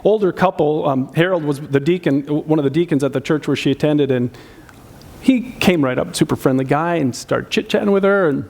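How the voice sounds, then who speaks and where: A man's voice: fairly high pitch, a little fast, vocal fry, a little mellow. A man preaching a sermon as pastor of a church, telling a story earnestly and often restarting his sentences.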